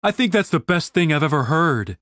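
A man's voice: fairly high pitch, big pitch swings, brisk, fairly bright tone, no echo. A man plays a sarcastic male elf in an audiobook fantasy. He mocks his companions in a dry, snarky tone with a slightly altered timbre, close-miked and dry. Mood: mocking.

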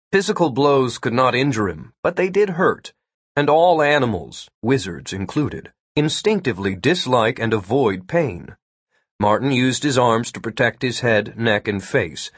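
A man narrating an audiobook in a lively, expressive storytelling manner. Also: medium pitch, dry recording, clean studio sound. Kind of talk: scripted narration.

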